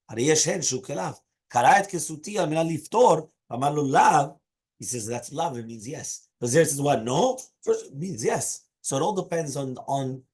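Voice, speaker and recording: Man, rabbi, daily Talmud class, husky voice, medium pitch, keeps asking "right?". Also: darkish tone. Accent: Hebrew and Aramaic terms mixed into English. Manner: explains each Aramaic phrase in English, with frequent "right?" and "okay?".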